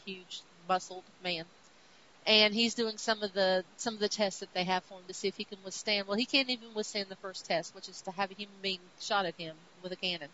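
A woman co-hosting a podcast, casually recapping comic stories with lively retellings of what the characters say. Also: medium pitch. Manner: animated retelling, quoting characters in her own voice. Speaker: podcast co-host. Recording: dull lo-fi audio with faint hiss.

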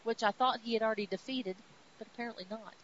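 A chatty woman podcast host recaps a comic with a highish voice and keeps acting out the characters. Her sound is a little dull, with a faint hiss underneath. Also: fairly even intonation, fast talker, a bit bright. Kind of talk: casual comic book recap.

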